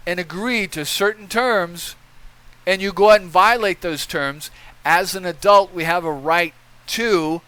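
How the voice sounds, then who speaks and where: A man's voice: sits high, pushed and bright, smooth, low-quality recording. A man giving opinion commentary in a blunt, profane rant, lecturing and repeating his points.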